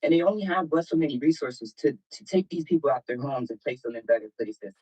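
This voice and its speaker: A man's voice: medium pitch, fast, darkish tone, breathy edge. A man earnestly explaining his view in a casual discussion, played back from a clip. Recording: lo-fi playback of a clip.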